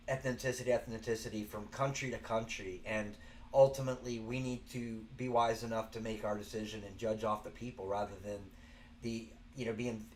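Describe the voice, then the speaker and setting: A man's voice: on the low side, slight background noise. A man with a Southern American accent hosting a show, giving earnest, rambling commentary with frequent restarts. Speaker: show host. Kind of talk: casual spoken commentary.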